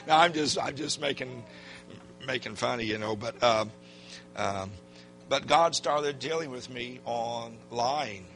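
An older man preaching a sermon as a pastor, telling a personal story in a folksy, animated way and acting out what people said. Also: medium pitch, unhurried, soft background music.

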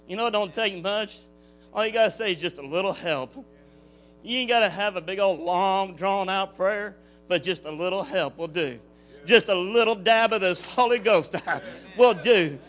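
A man's voice: sits high, normal speed, a bit bright, faint music behind. A middle-aged man, giving a fervent Pentecostal testimony in a church with a folksy preacherly cadence. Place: church building.

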